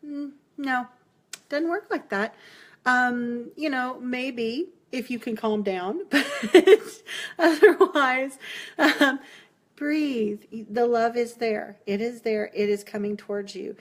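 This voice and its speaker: A woman's voice: on the high side, slow. A woman giving a live-streamed tarot reading, chatty and reassuring, laughing often as she talks to viewers. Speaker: tarot reader.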